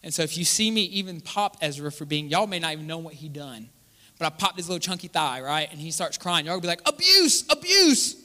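Pastor guy preaching, high bright voice, asks the crowd stuff then answers it, long reverb in a big church hall. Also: fast talker. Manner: preaching with call-and-response questions to the congregation; swings between loud exclaiming and quiet asides. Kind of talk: sermon.

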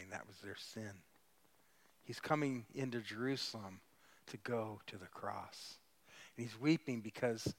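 A man preaching a sermon, telling stories with sudden loud peaks and quiet drops. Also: mid-range voice. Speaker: pastor.

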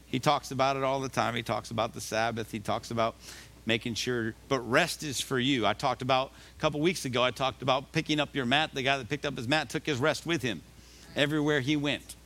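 A man's voice: medium pitch, steady tone, brisk, fairly bright tone. Man preaching a conversational sermon. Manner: conversational preaching, rising to emphatic calls. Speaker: pastor. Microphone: live recording of a church service.

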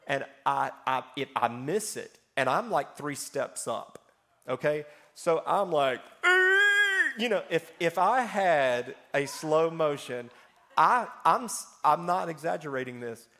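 A man preaching a sermon, telling funny personal stories with animated swings between loud and soft. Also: on the high side, measured pace. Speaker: pastor.

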